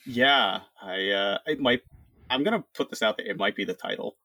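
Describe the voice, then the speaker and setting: A man's voice: fairly low pitch, normal speed, pushed and bright, dry recording. A man who is a guest on a podcast game, chatting casually and reading out summaries with playful dramatic flair.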